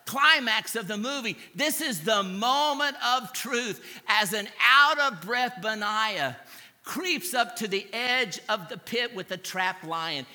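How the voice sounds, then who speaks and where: High bright-voiced guy preaching, swings all over the place, big echoey church hall. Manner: dramatic storytelling, acting out crowd reactions; asks the congregation to repeat after him. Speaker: pastor. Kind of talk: sermon. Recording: long reverb of a large hall.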